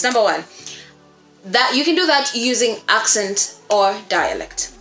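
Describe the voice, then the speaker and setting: A woman with a Kenyan accent teaches voice acting, laying out her tips point by point. Her voice is bright and forward. The room has a noticeable echo, with faint music in the background. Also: on the high side, lively intonation, brisk. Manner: explains step by step, numbering points. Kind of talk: tutorial talking to viewers.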